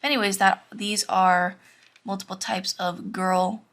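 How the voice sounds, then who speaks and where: Speaking a little slowly in a steady, mid-range voice with a fairly bright tone, a young woman teaches anime drawing. Her narration is casual and chatty, full of fillers, with occasional self-conscious giggles.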